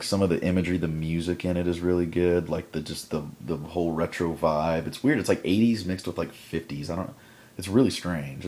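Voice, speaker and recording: Deep-voiced rambling young man vlogger. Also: darkish tone. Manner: rambling, filler-heavy with constant 'like'. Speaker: vlogger reviewing a film. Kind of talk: casual chat. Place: home at night before bed.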